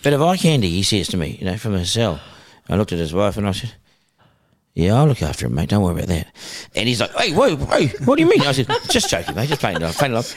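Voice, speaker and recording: A middle-aged New Zealand man, a broadcaster, telling stories in a casual, animated way and acting out phone calls. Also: sits low, quick pace. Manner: animated, acts out phone calls in character voices. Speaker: broadcaster guest. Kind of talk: casual storytelling.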